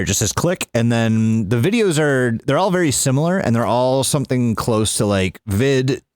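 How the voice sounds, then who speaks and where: A man co-hosting a podcast, reacting with animated, swearing banter. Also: medium pitch, dry recording. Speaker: podcast co-host.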